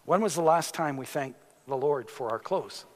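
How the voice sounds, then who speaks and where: A man preaching a sermon as a pastor, unhurried, with sudden emphatic rises in his voice. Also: medium pitch, expressive, long reverb tail.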